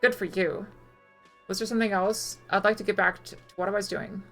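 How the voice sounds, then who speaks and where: A woman playing through a game on a live stream, reading its text aloud in an even, mid-pitched voice and cutting in with casual, cursing remarks. Her voice sits in the middle of the range, and faint music plays underneath. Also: fairly quick.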